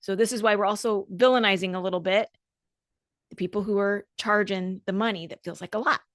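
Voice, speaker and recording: A woman's voice: medium pitch, fairly even intonation, fairly quick, a bit bright, dry recording, clean studio sound. A woman dance coach hosting a solo podcast, talking in an earnest, motivational way with emphatic repetition.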